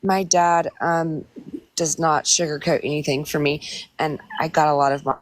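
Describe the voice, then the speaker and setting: A woman with a low voice speaks bluntly and plainly, with some ums along the way. The recording is dry, with no room echo. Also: fairly even intonation, moderate pace. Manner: blunt, plain-spoken, with fillers. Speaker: podcast panelist. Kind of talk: casual chat.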